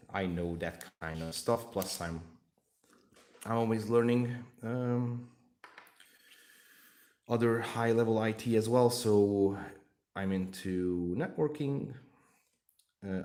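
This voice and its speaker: Hungarian man hosting a stream, low voice, outspoken and rambling. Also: a little mellow. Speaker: livestream host. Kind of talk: casual livestream chat.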